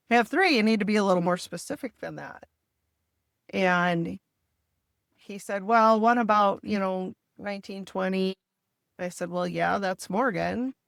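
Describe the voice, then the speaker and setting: A middle-aged woman tells a hard family story in a podcast conversation. She talks candidly and with feeling, acting out what others said. Her voice sits a little low and sounds dry and close to the mic. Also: vocal fry, no room sound. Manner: emotional, candid retelling with quoted dialogue. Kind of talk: personal storytelling in a podcast interview.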